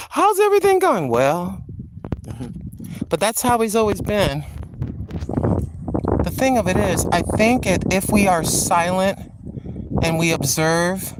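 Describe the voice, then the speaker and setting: A woman's voice: fairly low pitch, noisy background. An older woman hosting a vlog, chatting and joking outdoors in a riverside park. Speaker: vlog host. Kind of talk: casual chat on a walk.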